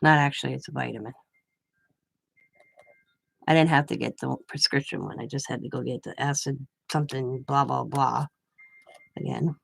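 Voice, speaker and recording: A woman's voice: extremely low pitch, fairly even intonation, normal speed, gravelly, long pauses, no room sound. A woman in her forties telling a personal story in a casual, chatty way, acting out the quoted dialogue. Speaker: craft vlogger.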